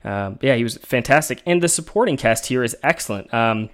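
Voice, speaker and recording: Man interviewing, mid-pitched and eager. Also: animated, a bit bright. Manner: enthusiastic, halting with fillers. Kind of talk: conversational interview.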